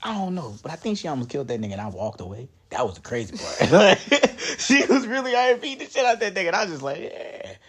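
A young man hosting a casual chat, joking and profane, laughing often and swinging from loud to low. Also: very animated, quick pace, hardly any pauses, husky. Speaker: podcast host.

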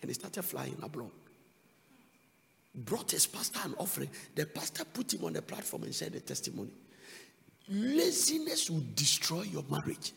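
A male pastor preaching an impassioned sermon that swings from loud cries to low asides. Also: sing-song, moderate pace, gravelly. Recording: long reverb of a large hall.

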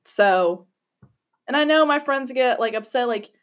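A woman's voice: fairly high pitch, animated, measured pace. A young woman in casual chat, answering questions in a loose, chatty way with swearing and laughter. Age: young adult.

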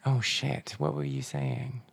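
A man hosts a casual interview and keeps the talk light with playful, jokey asides. His voice is low-pitched and gravelly. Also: sing-song, slow pace. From outside the USA. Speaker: podcast host, interviewer.

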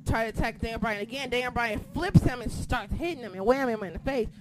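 A woman co-hosting a casual chat, excitable and swearing freely, sometimes losing her train of thought. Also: on the high side, slight background noise. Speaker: podcast co-host.

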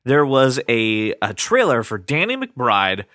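A man's voice: mid-range voice, wildly swooping pitch, slow pace, sharp tone, no echo, studio quality. A man hosting a podcast in casual chat, playful, with frequent stammering restarts. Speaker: podcast host.

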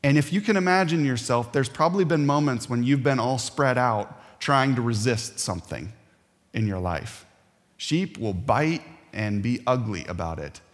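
A man preaching a sermon as a pastor, earnest and emphatic, with dramatic pauses. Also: medium pitch. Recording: long hall reverb.

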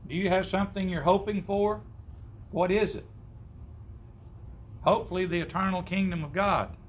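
A man's voice: high voice, fairly even intonation, normal speed, a little hiss or hum. A man preaching a sermon to his congregation, emphatic, asking rhetorical questions and quoting scripture.

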